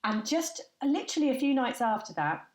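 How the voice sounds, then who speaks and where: A woman guest on a podcast, telling lively anecdotes in a chatty way and laughing often. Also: sits high, fairly quick, reverberant. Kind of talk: chatty storytelling.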